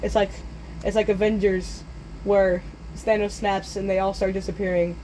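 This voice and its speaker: Animated teenage boy telling a story. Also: sits high, moderate pace, slight background noise, low-quality recording. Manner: animated, jumps into yelled character voices. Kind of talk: casual storytelling video.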